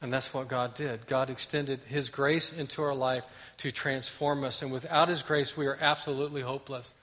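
A man preaching a sermon as pastor, swinging from loud, emphatic passages to quiet, hushed ones. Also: medium pitch, steady tone, moderate pace. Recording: long hall reverb.

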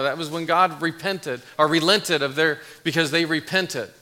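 A man's voice: on the high side, steady tone, moderate pace, bright, forceful tone. A middle-aged man, a pastor, preaching a conversational sermon, telling a story with chuckles before reading scripture.

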